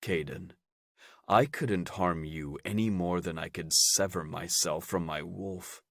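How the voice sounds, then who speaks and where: A man voicing a protective, possessive werewolf man who speaks low, hushed and soothing in an audiobook. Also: a little slow, no echo, studio quality, full character voice.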